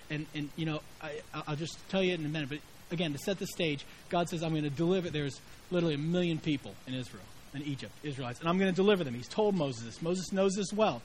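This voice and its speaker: A man's voice: a little high, slight background noise, low-quality recording. A middle-aged man preaching a sermon in a conversational way, acting out the quoted voices with inflection. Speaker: pastor.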